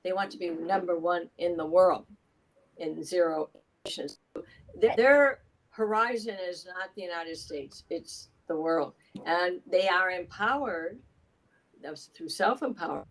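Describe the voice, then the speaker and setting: Emphatic woman politician, lowish voice. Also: measured pace, low-quality recording. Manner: emphatic, talks at length with asides. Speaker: state assemblywoman, podcast guest. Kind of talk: casual political interview.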